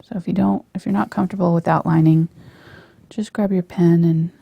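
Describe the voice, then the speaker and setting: A woman teaching a live painting lesson on a lapel mic, soft-spoken and often dropping to a near whisper as she works. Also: on the low side, fairly even intonation, a little fast, creaky, breathy edge, dry recording, dull audio. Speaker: painting instructor.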